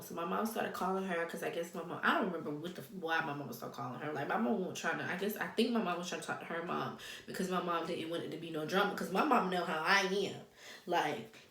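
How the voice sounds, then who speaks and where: Young woman vlogger, casual storytime, low-pitched voice, echoey room. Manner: animated, swearing, loose slangy talk. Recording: echoey room, faint noise.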